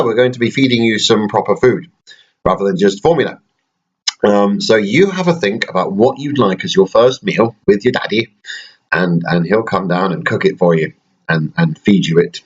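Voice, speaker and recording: A father in his thirties talks at home to his baby in a rambling, gently joking way, full of dry asides. His voice is low, and the home recording sounds dull and lo-fi. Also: animated, moderate pace, husky. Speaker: father recording a bedtime video. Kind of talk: casual bedtime chat to a baby.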